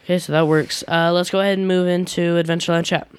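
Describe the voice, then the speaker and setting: A teenage male podcast host chatting casually from a basement setup. His voice is smooth and clear, though he stalls on fillers and restarts, and the sound is dry. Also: sits high, level tone, fast, no echo. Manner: hesitant, lots of fillers and restarts, laughs often. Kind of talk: casual chat. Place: home basement.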